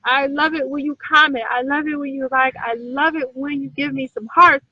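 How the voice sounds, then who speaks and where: A woman's voice: sits high, fairly even intonation, moderate pace, no echo, dull audio. A woman hosting a casual talk video for her viewers, emphatic, repeating points and checking in with "okay?". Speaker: video host.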